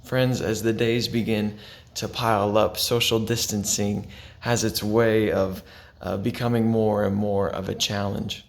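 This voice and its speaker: Pastor, male, gravelly tone, soft-spoken devotional delivery, sinks to near-whispers. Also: on the low side, level tone. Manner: gentle, unhurried, drops to a hush for quiet lines. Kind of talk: devotional sermon to camera.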